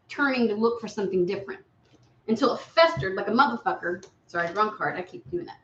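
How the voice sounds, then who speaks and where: Woman tarot reader, casual live reading, swears freely, lively delivery, echoey room, muffled lo-fi audio. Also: mid-range voice, fast, a little hiss or hum. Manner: blunt, profane, animated, acting out voices. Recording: echoey room, dull lo-fi sound.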